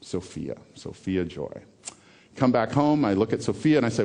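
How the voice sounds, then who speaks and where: Animated male keynote speaker. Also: on the low side, moderate pace, creaky. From American South. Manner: emphatic, repeats key phrases, swings between loud and hushed. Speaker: motivational speaker. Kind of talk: TEDx keynote talk.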